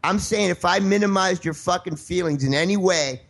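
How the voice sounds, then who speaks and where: A man's voice: sits high, moderate pace. A man hosting a show, arguing heatedly with a caller, defensive and swearing, repeatedly insisting on finishing his point. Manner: defensive, interrupting, swearing, keeps asking to finish. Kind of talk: heated call-in radio argument.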